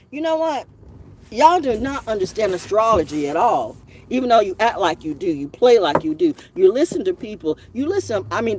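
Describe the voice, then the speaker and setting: A woman's voice: on the low side, darkish tone, slight background noise. A woman delivering a profane, confrontational monologue to her viewers. She scolds and rambles, circling back and repeating her points. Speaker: spiritual vlogger. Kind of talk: ranting monologue to camera.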